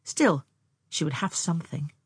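A woman reading a novel aloud in measured, even narration. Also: deep voice, slightly rough, no echo. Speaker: audiobook reader.

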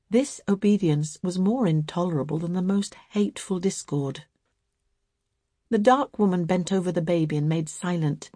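An audiobook narrator with a fairly low voice reads literary fiction in a measured, expressive way. The studio recording is clean, with no room sound.

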